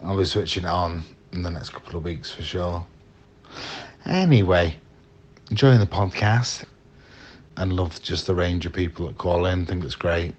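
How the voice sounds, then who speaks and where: A man's voice: sits low, moderate pace, pauses often, a little mellow. A man with a Northern English accent leaving a friendly, easygoing voice message for a podcast. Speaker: caller.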